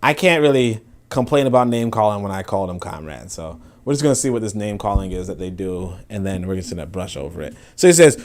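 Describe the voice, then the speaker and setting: A man hosting a casual podcast, talking in a profane, dismissive and animated way. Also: low voice, fairly quick. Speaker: podcast host. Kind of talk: casual commentary.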